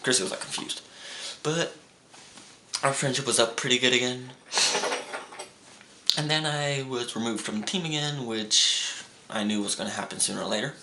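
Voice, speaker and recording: A man's voice: medium pitch, moderate pace, pauses often, sharp tone. A young man telling stories in a casual vlog. He rambles with restarts and acts out his friends' lines in raised voices. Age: young adult. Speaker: vlogger. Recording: roomy echo with faint background hum.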